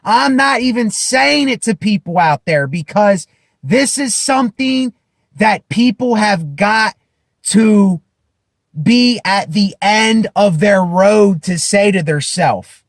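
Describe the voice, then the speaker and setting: A man giving an impassioned self-help monologue to camera, emphatic and repetitive, building at times to loud declarations. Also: sits high, animated, no echo, studio quality. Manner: slow, emphatic, repeats phrases, rises to shouting declarations. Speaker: vlogger.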